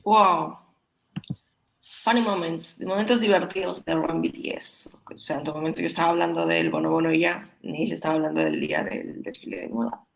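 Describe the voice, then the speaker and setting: A woman's voice: low voice, fairly even intonation, fast, creaky, poor audio. A woman whose first language is Spanish, co-hosting a casual chat and switching between languages with some hesitation. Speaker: co-host.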